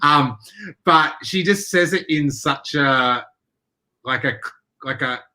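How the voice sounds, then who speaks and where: A man hosting a podcast talks in casual chat, his voice bright and forward. He rambles, stumbling through restarts as he searches for words. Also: a little high. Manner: rambling, halting, many restarts. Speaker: podcast host.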